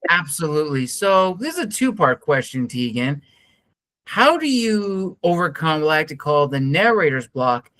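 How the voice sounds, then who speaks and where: A man hosting an interview, asking polite, measured questions with formal phrasing. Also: on the high side, sing-song, fairly bright tone. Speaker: interview host.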